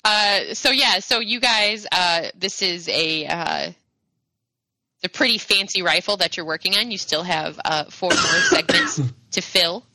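A woman narrating as game master of a tabletop game, pausing often with fillers as she describes the action. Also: fairly low pitch, pushed and bright, poor audio. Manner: halting, many filler pauses.

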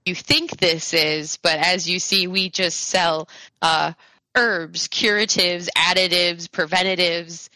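A woman's voice: on the low side, fairly even intonation, takes it slowly, pushed and bright, no room sound, poor audio. A woman voicing a tall, posh shopkeeper who is polite but not friendly in the slightest, in a tabletop game. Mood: prim. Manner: cool, prim politeness.

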